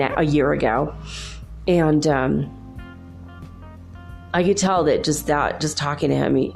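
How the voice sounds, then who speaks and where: A woman's voice: low-pitched, creaky, a little mellow. A woman with children talking casually and at length, rambling with many fillers and restarts, laughing often as she tells personal stories. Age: adult with children. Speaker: host.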